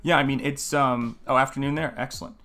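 A man's voice: mid-range voice, steady tone, fairly quick, pushed and bright, soft background music. A man hosting a live painting stream, talking in a casual, earnest, musing way and greeting viewers in the chat by name.

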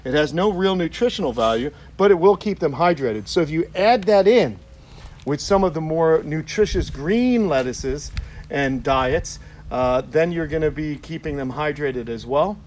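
A man's voice: a little high, expressive, moderate pace, a little mellow, slight background noise. A man with a New York accent, hosting and explaining animal care in a casual, upbeat way, full of fillers, from outdoors. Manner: chatty, upbeat, many fillers. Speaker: reptile keeper and channel host. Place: outdoors in a tortoise yard.

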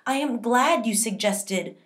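A poised, clever mother facing down a soldier, as a woman reads her aloud from a novel. She speaks in a measured, unhurried way. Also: on the high side, voice pushed up, natural voice. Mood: falsely bright. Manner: calm, then falsely eager and chatty. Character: calm, quick-witted mother.

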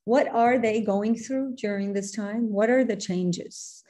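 Earnest woman speaker with a mellow voice. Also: medium pitch, slow. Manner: earnest, repeats and corrects herself, mixes in Arabic phrases. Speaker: workshop speaker. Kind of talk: webinar presentation to parents.

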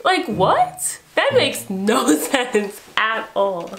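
A young woman telling a storytime vlog in casual, slangy speech, re-enacting what people said with lively exclamations. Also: fairly high pitch, very slow, gravelly, a crowd in the background. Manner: animated, re-enacts dialogue with exclamations. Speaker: vlogger.

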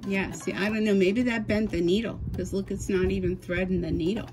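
Over music, a woman with a mid-range, steady voice talks briskly to viewers as she works a machine, flustered and apologetic throughout. The embroidery vlogger's casual how-to chat is recorded on the camera mic alone, with no microphone on, in her home sewing room where the window is open and a ceiling fan turns.

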